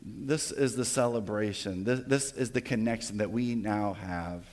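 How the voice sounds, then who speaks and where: A male pastor giving a sermon, animated, rising loud in vivid stories and dropping soft on key lines. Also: on the low side, a little slow, in a large hall.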